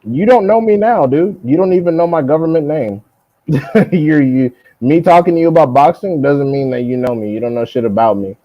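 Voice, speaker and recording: A young man hosting a boxing live stream, ranting at a viewer in a profane, mocking way and mimicking people in high voices. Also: normal speed, highs cut off. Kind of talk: heated casual live-stream rant.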